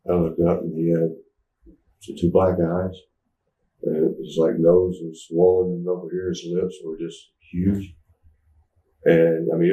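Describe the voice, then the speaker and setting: Middle-aged man, interview guest, loose stop-start storyteller; deep, dark tone, recorded at a distance in an echoey room. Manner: rambling, stop-start storytelling, acts out quotes loudly.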